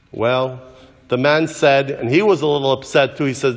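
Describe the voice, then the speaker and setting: A man preaching a sermon, who tells a story and recites a passage in a slow, deliberate way. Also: mid-range voice, steady tone, long reverb tail.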